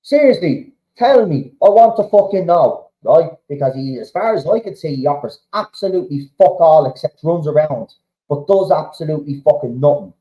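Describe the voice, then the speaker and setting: A man rants heatedly about his football club, swearing hard and tagging his points with a challenging "right?". His voice sits a little high. The recording is dull and lo-fi in an echoey room. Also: expressive, normal speed. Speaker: football fan vlogger. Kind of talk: angry match reaction rant. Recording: roomy, dull lo-fi sound.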